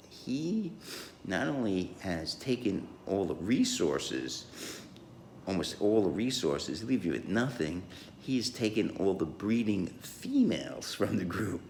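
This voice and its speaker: Low-voiced man, rambling solo podcaster, lots of ums and restarts, lively swooping delivery, roomy echo. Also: slight background noise. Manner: rambling, many fillers and restarts, chuckles.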